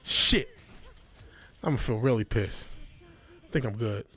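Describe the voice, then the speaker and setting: A man streaming a video game live, ranting with profanity and swinging between low mutters and sudden angry shouts at the game, from his home studio. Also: measured pace, noisy background. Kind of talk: live gaming stream commentary.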